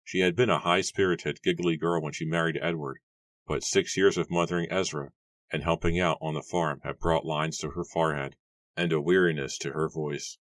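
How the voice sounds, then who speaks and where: This audiobook narrator reads from a script, his extremely low voice steady and measured. The sound is close and dry, free of room sound and with no echo.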